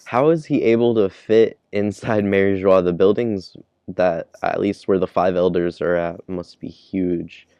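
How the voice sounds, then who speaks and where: A man's voice: low voice, fairly even intonation, a little slow, vocal fry, mellow, dry recording, highs cut off. A man casually reviewing a manga chapter, laid-back, chuckling and thinking aloud. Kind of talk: casual chapter read-along.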